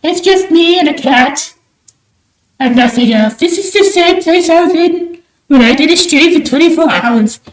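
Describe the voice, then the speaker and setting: A young woman from Australia, livestreaming while she draws, talking in a put-on, theatrical bird-persona voice that is loud and enthusiastic. Her throat sounds sore and strained. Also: very high-pitched, animated, moderate pace. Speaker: streamer. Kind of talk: livestream chat while drawing. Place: small room at home at night. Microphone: desk mic with high gain. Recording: roomy echo.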